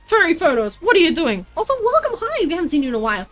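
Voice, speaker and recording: A woman's voice: sits high, sing-song, very fast, a bit bright, faint music behind. A woman livestreaming while she crafts, chatting to viewers in a bubbly, playful way and often singing or laughing. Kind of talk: casual live-stream chat while crafting.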